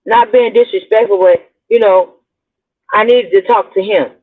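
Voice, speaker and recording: A woman's voice: mid-range voice, normal speed. A middle-aged woman hosting her own show, telling a personal story in a rambling, chatty way and talking straight to her listeners. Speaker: blogger host. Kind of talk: casual storytelling to viewers. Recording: tinny phone-like audio.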